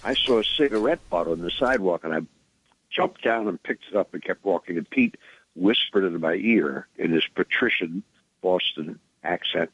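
A man's voice: low-pitched, normal speed, a bit bright, husky, no room sound, low-quality recording. An older man, a musician and radio guest, telling long earnest anecdotes in a rambling conversational way that drifts into preaching. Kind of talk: conversational storytelling.

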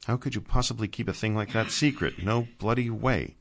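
A blunt, teasing man brought back from the dead, as a man puts him on. He sits noticeably higher than the reader's deep voice and talks in dry, wry jabs. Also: fairly quick, vocal fry, slight background noise.

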